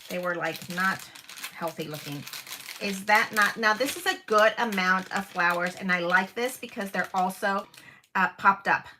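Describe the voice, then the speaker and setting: A crafting host in her fifties streams live from home, sharp-toned and medium-pitched at a moderate pace, enthusing over each piece with many exclamations and fillers. A slight hiss or hum runs under the audio.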